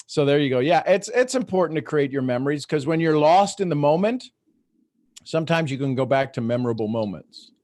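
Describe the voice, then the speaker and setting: A man's voice: on the high side, lively intonation, moderate pace, long pauses, a little mellow, dry recording. A man hosting a call-in talk show, chatting in an easygoing way. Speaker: host.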